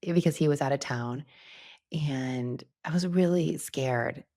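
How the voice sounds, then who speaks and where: A woman's voice: sits low, a little slow, warm tone. A middle-aged woman hosting a solo podcast, talking candidly and chattily, often laughing as she goes. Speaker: podcast host. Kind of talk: casual solo podcast talk.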